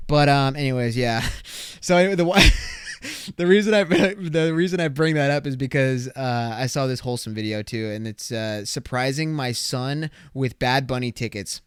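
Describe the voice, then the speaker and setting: A young man hosts a casual solo podcast, rambling in a crude, excitable way, full of slang and swearing. His voice is smooth and a little high for a man. It sits close and dry on the mic. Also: no room sound. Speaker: podcast host.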